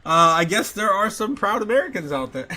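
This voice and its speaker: Bright-voiced, giggly livestream host. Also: male voice, high voice, very animated, brisk. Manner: giggly, filler-heavy, reads chat aloud. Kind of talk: casual livestream chat.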